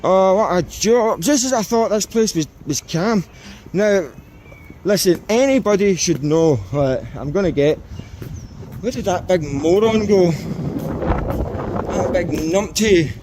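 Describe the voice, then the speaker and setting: A man's voice: sits high, slow pace, pauses often, a little mellow, a little hiss or hum. Mocking British man filming outdoors. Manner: mocking, indignant, talks to camera. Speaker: auditor filming police. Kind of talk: casual vlog commentary to viewers. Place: outdoors on a street.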